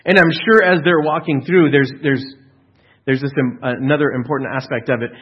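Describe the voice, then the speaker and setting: Male pastor mid-sermon, emphatic, slightly raspy, muffled lo-fi sound. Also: mid-range voice, normal speed. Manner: earnest, emphatic with frequent restarts and rhetorical questions.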